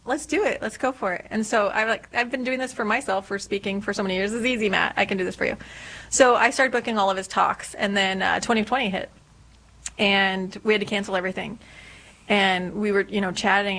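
A woman's voice: mid-range voice, fairly even intonation, fairly quick, a bit bright, low-quality recording. Middle-aged woman guest, casual storyteller, talk radio studio. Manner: chatty, storytelling with quoted dialogue.

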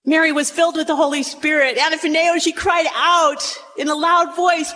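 A woman preaching a sermon, dramatic and animated, acting out scripture voices. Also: high-pitched, normal speed, few pauses. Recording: long hall reverb, faint noise.

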